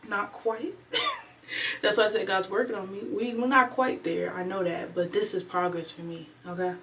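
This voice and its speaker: A woman in her twenties, chatting alone at home in a casual storytime vlog, animated and replaying her own thoughts aloud. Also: mid-range voice, moderate pace, far from the mic, a little hiss or hum. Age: 20s. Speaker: vlogger. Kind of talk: casual storytime chat to camera.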